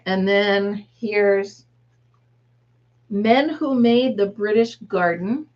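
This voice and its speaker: A woman's voice: mid-range voice, drawn-out words, long pauses, lo-fi sound. A woman in her fifties, a grandmother, hosting a casual live chat with viewers, rambling and laughing often. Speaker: livestream host.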